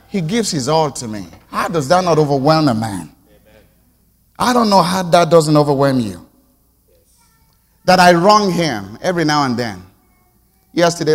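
A man preaching a sermon to his congregation, moving from quiet reflection to emphatic call-and-response. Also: a little high, long reverb tail. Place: church sanctuary.

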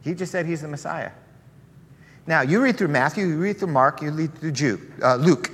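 A man preaching a sermon in a relaxed, conversational storytelling manner. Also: on the high side, moderate pace. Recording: long hall reverb.

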